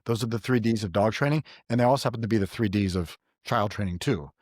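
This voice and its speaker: A man's voice: lowish voice, fast talker, a little mellow, no room sound, clean studio sound. A middle-aged man hosting a podcast, giving earnest parenting advice in casual chat and telling stories with quoted voices. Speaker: podcast host.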